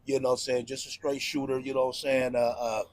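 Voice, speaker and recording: A man's voice: mid-range voice, flat delivery, fast talker. Laid-back older-school music guy, mid voice, says you know what i'm saying a lot. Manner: laid-back, full of fillers. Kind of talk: casual podcast chat.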